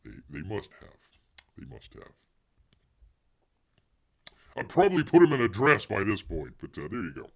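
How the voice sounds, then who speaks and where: A man's voice: on the low side, wildly swooping pitch, moderate pace, vocal fry, pauses often, slightly rough. A man hosting a casual livestream, rambling to viewers, reading the chat aloud and calling himself Bear in the third person. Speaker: livestream host.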